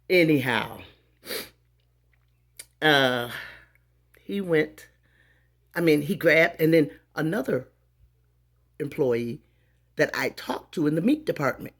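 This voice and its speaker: A woman in her fifties telling a story in a casual vlog, animated and acting out the dialogue of the people in it. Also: low-pitched, takes it slowly, pauses often. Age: 50s. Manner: animated, acts out dialogue in voices. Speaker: vlogger.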